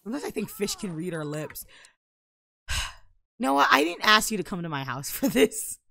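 A young woman commenting casually on her life-simulation game, playful and giggly, with sudden loud bursts of excitement. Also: medium pitch, measured pace, gravelly, no room sound. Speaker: gameplay commentator. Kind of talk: casual let's-play commentary.

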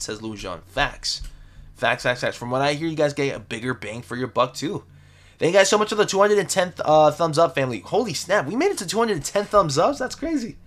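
A young sneaker livestreamer broadcasts from his city home, reading out viewer comments and chatting in a relaxed, slangy way, often saying things twice. His voice is on the high side and a bit bright.

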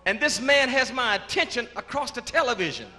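A man giving his church testimony, halting and repeating words, then rising into shouts of praise. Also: very high voice, expressive. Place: large church before a congregation. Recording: reverberant church hall with congregation.

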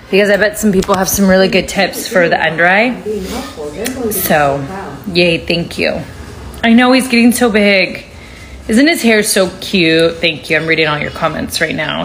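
A woman's voice: medium pitch, fairly bright tone, a little hiss or hum. A woman in her thirties chatting casually on a phone livestream at home, switching to a sing-song baby voice for her toddler. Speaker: social media livestream host.

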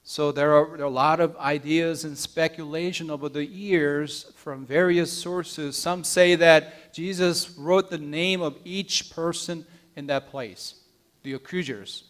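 A man pastor preaching a sermon, telling a story in an earnest, gentle way, often letting his lines drop soft and hushed, with small restarts. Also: fairly high pitch, steady tone, measured pace. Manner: small restarts and repeated words.

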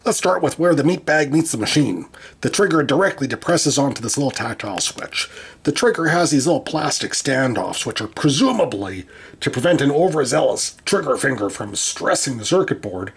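Man, tool reviewer, slightly husky, lively pitch, dry humor, stumbles and restarts. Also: brisk. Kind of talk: voice-over narration of a teardown.

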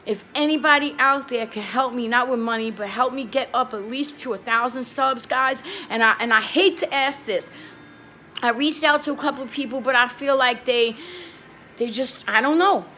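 A woman's voice: on the high side, moderate pace, pushed and bright. New girl venting on her vlog, swears, goes over the same points again and again, bit of faint background noise. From New York. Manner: heated and pleading, swears, repeats herself. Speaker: vlogger. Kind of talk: emotional talk to camera.

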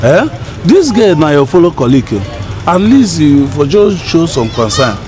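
A man's voice: a little high, very animated, moderate pace. An actor playing a sympathetic male motorcycle taxi rider who speaks with a Nigerian Pidgin accent. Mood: defending. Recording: film audio with music.

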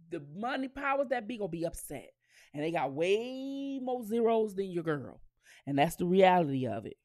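A woman's voice: lowish voice, a little mellow. A woman hosting her own commentary channel, talking straight to her viewers in a blunt, profane rant with lots of emphatic repetition.

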